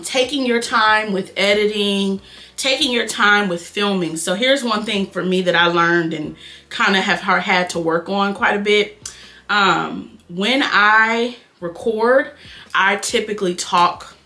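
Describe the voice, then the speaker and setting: Young nasal Detroit woman, bright voice, quick chatty beauty-vlog delivery, calls viewers y'all. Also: medium pitch. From Detroit, Michigan. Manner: fast-talking, chatty, addresses viewers as y'all. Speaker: beauty vlogger. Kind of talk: casual chat while doing makeup.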